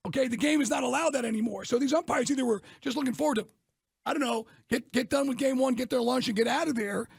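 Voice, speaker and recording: A high, gravelly, very raspy male voice rants hotly as a sports talk radio co-host. He is heard close on a studio mic with a dry, dead sound. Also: fast, dry recording. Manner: heated, ranting.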